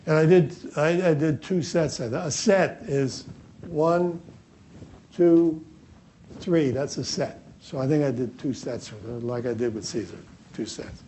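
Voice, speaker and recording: A man's voice: fairly high pitch, unhurried, warm tone. A man leading a seminar, telling a story in a slightly raised voice. He loops back over his words and slips into the people he quotes. A faint hiss sits under the recording. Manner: storytelling, acts out dialogue, repeats himself. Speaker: workshop teacher. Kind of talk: anecdotal seminar lecture.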